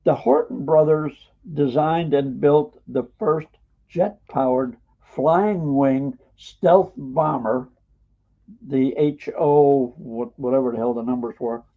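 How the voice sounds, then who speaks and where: An older man tells stories in a folksy, emphatic way, stopping for uhs and the odd mild curse. His voice is husky and raspy, and it comes through a thin, phone-like call connection. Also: a little high, lively intonation, slow pace. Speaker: guest, author and historian. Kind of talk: rambling anecdotal storytelling. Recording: tinny phone-like call audio.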